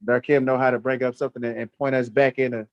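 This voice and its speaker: A man's voice: medium pitch, level tone, fast talker, no echo, muffled recording. A man telling a story in casual talk on a live stream, blunt, heated and profane. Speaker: livestream guest.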